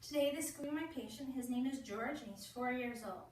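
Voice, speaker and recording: A woman's voice: sits high, fast, a little mellow, a little hiss or hum. A young woman student nurse demonstrating a child's head-to-toe check, narrating each step and coaxing the patient in a playful sing-song voice. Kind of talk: demonstrating a clinical assessment. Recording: very echoey room, voice from a distance.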